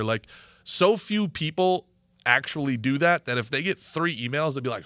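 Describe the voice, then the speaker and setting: A man hosting a podcast, talking casually in an animated, opinionated way. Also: medium pitch, a little fast, no room sound. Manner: animated, opinionated ranting with laughs. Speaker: podcast host and comedian.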